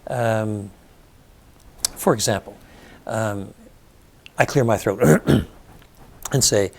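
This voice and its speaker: An older man answering interview questions at length, thoughtful and measured, with frequent ums and restarts as he explains. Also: fairly low pitch. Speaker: interview guest, scholar.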